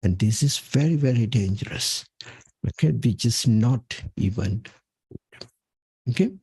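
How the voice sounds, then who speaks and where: A man's voice: mid-range voice, lively intonation, measured pace, dark tone, slightly rough, no room sound. A man presenting a health talk from slides, emphatic and punctuating his points with "okay". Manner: emphatic, repeats "okay" often. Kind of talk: talking through slides.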